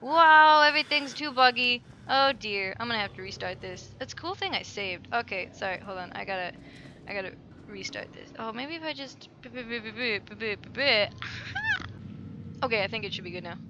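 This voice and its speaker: With her headset mic flipped up above her head, a woman commentates a game for a let's play, jittery and swearing as she mutters to herself. Her slightly high voice moves at normal speed over a noisy background.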